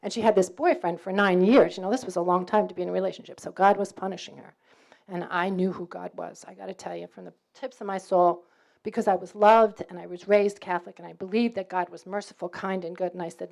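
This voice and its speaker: A middle-aged woman from New York, with a faded New York accent, telling a personal faith story to students in a lively way, acting out dialogue and laughing often. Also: on the low side, brisk, creaky. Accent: New York, mostly faded. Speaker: campus speaker.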